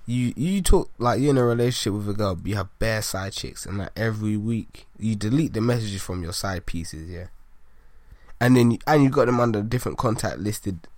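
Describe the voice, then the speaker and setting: A man's voice: fairly low pitch, fairly quick, darkish tone, no room sound. A man in casual podcast chat, slangy and rambling. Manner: slangy, rambling, laughs easily.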